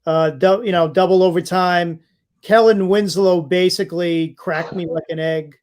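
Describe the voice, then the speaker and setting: A man co-hosting a sports podcast, reminiscing about old games in a measured way. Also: high-pitched, steady tone, darkish tone, slight background noise. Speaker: podcast co-host. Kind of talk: casual sports chat.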